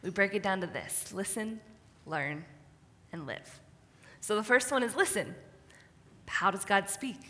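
A woman's voice: mid-range voice, lively intonation, unhurried, long pauses, sharp tone. A female pastor co-leading a sermon, affirming her partner and laying out points as short lists. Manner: affirming, list-like delivery. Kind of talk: co-led sermon. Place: church sanctuary. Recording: long hall reverb.

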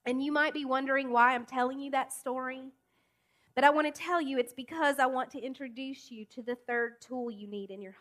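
A woman preaching a sermon in a fairly high voice. She leans on key words with deliberate pauses and throws direct questions at the listeners. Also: fairly bright tone. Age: adult. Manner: emphatic, with deliberate pauses and rising appeals.

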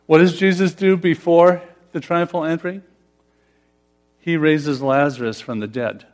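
Higher-voiced man preaching a casual sermon. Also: measured pace. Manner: conversational, asks the congregation questions, laughs often. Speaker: pastor.

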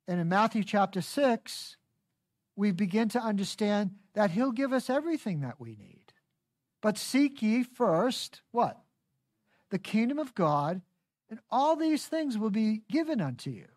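Woman preacher, mid pitch, dry close sound, folksy emphatic delivery. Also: big pitch swings, takes it slowly, long pauses, darkish tone, dry recording. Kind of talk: sermon.

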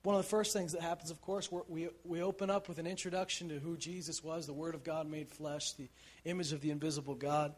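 Animated, high-voiced male preacher. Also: fast talker. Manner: animated storytelling, acts out quotes, shouts for emphasis; conversational, asks "right?" often. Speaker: pastor. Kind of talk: sermon.

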